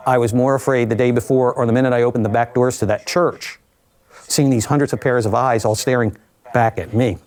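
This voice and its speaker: A man's voice: mid-range voice, steady tone, darkish tone. Older man telling a survival story. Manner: measured, reflective storytelling with vivid asides. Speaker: interviewee recounting survival. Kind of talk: documentary interview storytelling.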